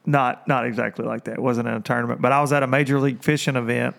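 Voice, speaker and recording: Talking very fast in a mid-range voice with vocal fry, this podcast host of a laid-back fishing show tells stories through frequent laughter. He's animated and mimics voices whenever he quotes someone.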